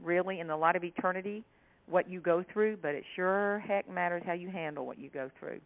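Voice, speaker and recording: A woman from South Carolina, an author and humorist, telling stories in an animated way as a guest in an interview. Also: lowish voice, brisk. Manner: animated, laughing storyteller. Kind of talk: storytelling interview chat. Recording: tinny phone line.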